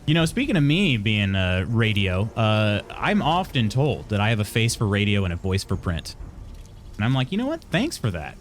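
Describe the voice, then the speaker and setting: A man in his thirties with heavy vocal fry, casually chatting with his live-stream audience, laughing often and restarting his sentences. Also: lowish voice, very animated, moderate pace, slight background noise. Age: 30s. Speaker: streamer reading chat.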